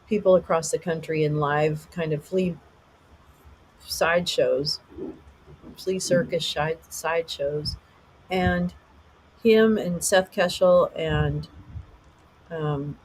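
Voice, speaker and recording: A woman's voice: low-pitched, slightly rough, low-quality recording. A woman hosting a casual livestream, talking bluntly and ranting with plenty of profanity. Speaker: livestream host.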